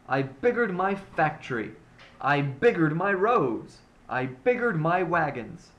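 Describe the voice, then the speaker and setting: A man reading a rhyming children's storybook aloud in an expressive read-aloud manner. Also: sits high.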